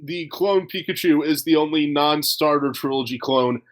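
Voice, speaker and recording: A man in his twenties co-hosting a podcast, chatting casually in an excitable, joking way and laughing often. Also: fairly high pitch, normal speed. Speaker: podcast co-host. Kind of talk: casual chat.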